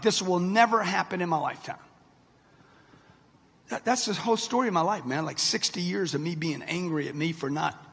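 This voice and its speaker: A man's voice: high-pitched, vocal fry, a bit bright, husky. A man in his sixties giving a brash, punchy motivational talk straight at a live audience. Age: 60s. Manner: brash, punchy, addresses the crowd directly. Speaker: motivational speaker. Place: large event hall with an audience. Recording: long reverb of a big hall.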